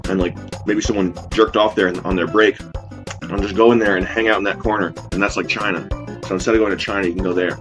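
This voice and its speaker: A man rambling through a deadpan comedic monologue, drawling with lots of "like". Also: low-pitched, fast, faint music behind.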